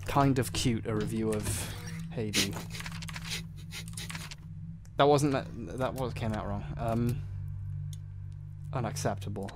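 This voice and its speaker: A man chatting casually on a game stream, dryly sarcastic and often trailing off quietly. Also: fairly low pitch, slow, long pauses, music in the background. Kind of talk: casual gaming stream chat.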